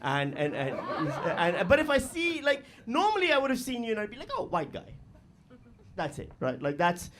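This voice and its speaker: A man's voice: very high voice, huge pitch swings, moderate pace, fairly bright tone. A middle-aged man performing a stand-up comedy set on a live stage, profane and rambling, full of fillers and talking straight to the audience.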